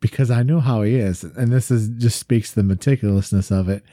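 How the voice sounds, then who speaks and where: A man with a low, very mellow voice chats as a co-host in a casual faith discussion. He is friendly and teasing, and livens up when he tells a story. The recording is dry and close. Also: a little fast, no room sound. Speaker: podcast co-host.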